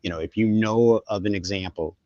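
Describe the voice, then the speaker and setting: Male podcast co-host, very low voice, dry close sound, loose and rambling. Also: a little fast, no room sound, lo-fi sound. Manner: relaxed, rambling with fillers. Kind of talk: casual tech chat.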